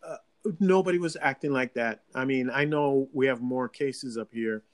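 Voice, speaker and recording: A man chatting casually as a co-host, rambling and animated with frequent restarts, from Long Island. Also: mid-range voice, normal speed. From Long Island, New York. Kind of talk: casual chat.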